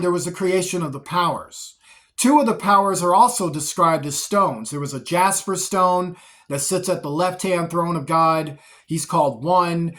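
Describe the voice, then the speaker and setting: A man's voice: fairly high pitch, pushed and bright. A man giving a spoken Bible teaching, speaking in repetitive lists and often restarting his phrases. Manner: repetitive, list-like delivery with frequent restarts.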